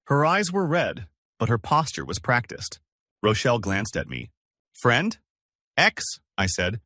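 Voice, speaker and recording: A man narrating dramatic relationship stories in a scripted storytelling style, switching to a higher pitch for the women's lines. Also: wildly swooping pitch, moderate pace, bright, forceful tone, dry recording, clean studio sound.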